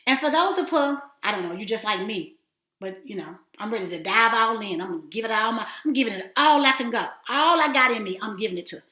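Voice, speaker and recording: A woman teaching a self-affirmation lesson in an encouraging, animated way, at times dropping to a near-whisper. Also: fairly high pitch, quick pace. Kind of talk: casual spoken lesson. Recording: roomy echo.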